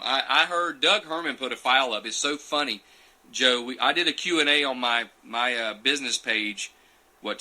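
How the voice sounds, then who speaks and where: A man's voice: mid-range voice, sharp tone. A man chatting casually in a live Q&A from his futon couch at home, folksy and friendly, chuckling between answers. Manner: folksy and friendly, calls people buddy and brother. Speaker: champion turkey caller answering live questions.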